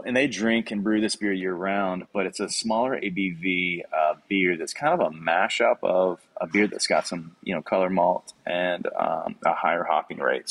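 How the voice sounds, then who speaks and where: A man's voice: low voice, vocal fry, breathy edge, no room sound. A man who runs a small brew pub, talking in a rambling, profane, passionate way in a casual podcast interview. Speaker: brewer, brew pub owner.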